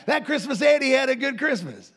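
Husky high-voiced preacher, folksy and loud. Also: male voice, fairly quick. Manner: animated, bursts into loud shouts of praise; folksy, laughs often. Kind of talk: storytelling sermon.

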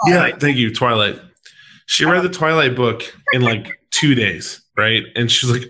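A man's voice: medium pitch, animated, a little slow, sharp tone. A man who coaches sports, hosting a casual podcast chat in an upbeat, playful way with frequent fillers.

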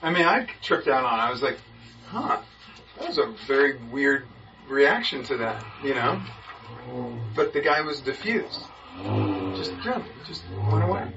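A man's voice: mid-range voice, unhurried, pauses often. A man in a Bible study group telling a story with energy, acting out the voices of the people in it. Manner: lively, acts out the people in his story. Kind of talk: animated storytelling in a group discussion. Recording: muffled, from a distance, faint background hiss.

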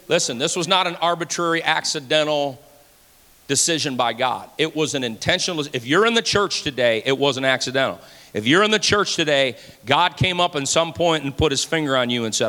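A man in his forties delivers an impassioned sermon, hammering his points home by repeating phrases. His voice is bright and forceful and sits a little high for a man. Long reverb from a large church hall trails behind every line. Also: brisk. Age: 40s. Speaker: pastor. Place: church sanctuary.

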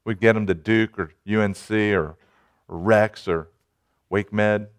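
A man preaching a sermon in an earnest manner, rising to urgent pleading and dropping to quiet reflection. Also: lowish voice, steady tone, slow, smooth. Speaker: pastor.

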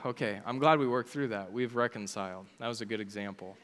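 A man's voice: lowish voice, quick pace, few pauses, a bit bright, long reverb tail. A man preaching a casual sermon, talking informally with lots of "like" fillers. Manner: chatty, informal, many "like" fillers.

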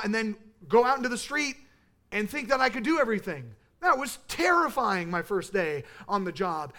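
A man's voice: very high-pitched, a bit bright. A middle-aged man, preaching a sermon as pastor in a conversational, storytelling way.

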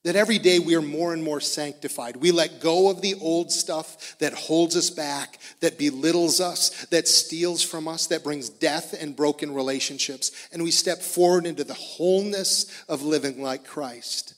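A man's voice: on the high side, normal speed, hardly any pauses, big-room sound. Earnest man in his forties preaching. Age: 40s. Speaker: pastor. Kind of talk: sermon.

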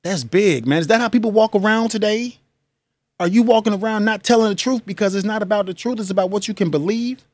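This podcast host, an adult with kids, talks fast in a high, slightly mellow voice on a dry recording. His casual solo commentary is emphatic, sprinkled with slangy asides and lots of laughing.

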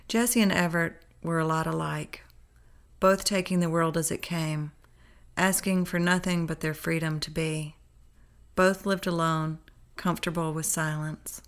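Low-voiced woman reading a memoir. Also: fairly even intonation, unhurried. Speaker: narrator. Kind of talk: memoir read-aloud narration.

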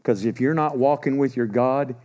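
A man in his sixties preaching a sermon, emphatic, swinging between loud urgency and low, grave warnings. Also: moderate pace, dull audio. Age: 60s.

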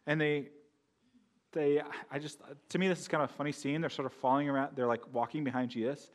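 A man's voice: a little high, level tone, fast. Conversational male preacher. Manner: conversational, asks the congregation questions. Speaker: pastor. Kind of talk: sermon.

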